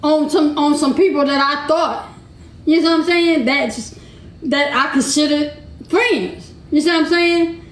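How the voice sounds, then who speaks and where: Woman, 50s, very high voice, blunt and emphatic, echoey room. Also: measured pace. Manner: blunt, emphatic, laughs often. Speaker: podcast co-host. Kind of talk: casual chat.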